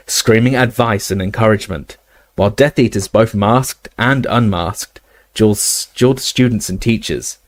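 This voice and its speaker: Guy reading a novel out loud, steady, few slips, dry close sound. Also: lowish voice, no echo. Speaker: audiobook reader. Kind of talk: casual audiobook narration.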